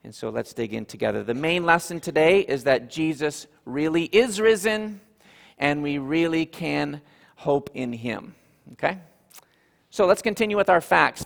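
A man's voice: a little high, vocal fry, long reverb tail. A man preaching a sermon as pastor, teaching earnestly and repeating points for emphasis.

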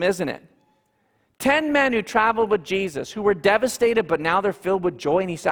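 A man preaching a sermon, animated, with dramatic pauses and repeated phrases. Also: high voice, gravelly, long reverb tail. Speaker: pastor.

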